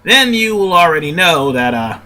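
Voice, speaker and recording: A man's voice: a little high, sing-song, moderate pace, sharp tone. A man with a stuffy nose giving casual gameplay commentary as a let's play host. He rambles and often stops to correct himself.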